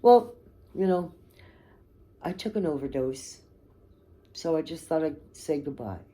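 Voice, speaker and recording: A woman's voice: deep voice, animated, measured pace, dark tone. A woman quoting her manipulative, self-pitying older mother in a plaintive, matter-of-fact tone while telling a personal story.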